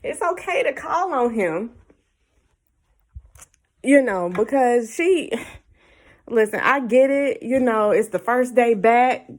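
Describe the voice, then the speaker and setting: A young single mother vlogs to camera about her morning, chatty and casual, laughing often and reassuring viewers directly. Her voice is fairly high, her pace slow with long pauses, and the recording is low quality.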